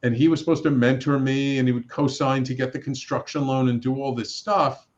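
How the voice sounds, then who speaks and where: A middle-aged man, a radio network producer and host, telling his story in a casual interview, animated and acting out the voices he quotes, with many restarts. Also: medium pitch, brisk. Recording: slightly dull lo-fi sound.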